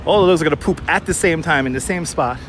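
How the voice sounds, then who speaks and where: Guy live streaming a city walk, kinda high voice, clip mic, little traffic hum behind. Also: fast talker. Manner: chatty, joking, greets viewers by name. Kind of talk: casual walking live-stream chat. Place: outdoors on city streets. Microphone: wireless clip-on mic. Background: faint city traffic.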